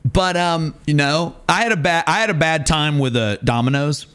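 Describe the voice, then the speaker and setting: A man's voice: a little high, normal speed, clear, resonant tone. A male streamer chatting live, ranting emphatically and repeating words for effect. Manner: animated, ranting, emphatic repetition.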